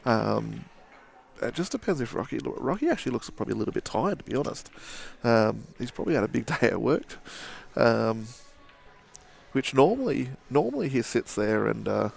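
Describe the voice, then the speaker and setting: An Australian man, a young adult, giving casual live pool commentary with relaxed banter and frequent laughs. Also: mid-range voice, moderate pace, vocal fry.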